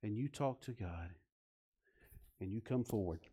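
A man preaching a sermon as pastor of a church, quizzing the congregation and swinging from loud emphatic lines to soft, low endings. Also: expressive, measured pace, husky. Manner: preaching with call-and-response questions to the congregation. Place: church sanctuary.

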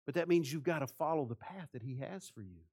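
A man preaching a sermon with passion, asking rhetorical questions and swinging between soft, hushed phrases and loud ones. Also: fairly high pitch, lively intonation, fast, breathy edge. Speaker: pastor.

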